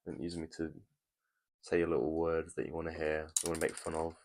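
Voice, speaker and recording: A young man with a British accent and a low voice talks to his live-stream viewers while he builds. He rambles along in a chatty, easygoing way. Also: monotone, fairly quick, darkish tone, a little hiss or hum. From Britain. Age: young adult.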